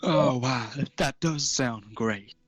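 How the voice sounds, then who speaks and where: A man's voice: mid-range voice, slow pace, no room sound, faint music behind. A man voicing a friendly male talking cactus, cheerful and drawn out.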